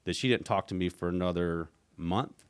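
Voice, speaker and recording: A middle-aged man, an interview guest recounting a story in a casual, animated way, acting out what others said. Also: deep voice, normal speed, clean tone. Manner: animated retelling, acts out quoted voices, frequent restarts. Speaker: interview guest, former team executive.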